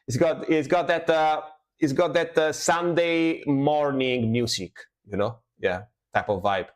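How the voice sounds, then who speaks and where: A man's voice: on the high side, slow. A man streaming music reactions in easygoing casual chat, repeating himself and leaning on "you know". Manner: laid-back, loose, repeats words and adds "you know".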